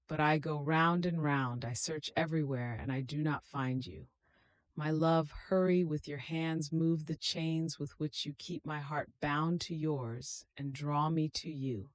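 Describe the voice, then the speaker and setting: A woman reading a devotional meditation aloud in a slow, solemn, prayerful manner. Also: sits low, no room sound. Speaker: devotional reader.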